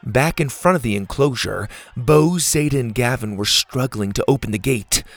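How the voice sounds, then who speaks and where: A man narrating a children's adventure story in an animated storytelling manner, with faint music behind him. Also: moderate pace, creaky, no room sound. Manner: animated storytelling, voicing characters in raised pitch.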